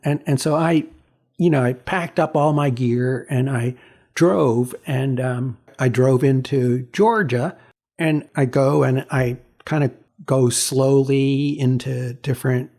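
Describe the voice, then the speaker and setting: A man in his sixties, a photographer being interviewed, telling stories in a halting way with many repeats and fillers. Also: medium pitch, fairly even intonation, darkish tone. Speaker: photographer, guest. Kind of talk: reflective storytelling in an interview.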